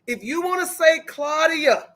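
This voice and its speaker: A woman hosts a live stream in a bright, forward voice. She recaps gossip in a casual, chatty way and greets viewers as they join. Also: extremely high pitch, measured pace. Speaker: livestream host. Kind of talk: casual commentary.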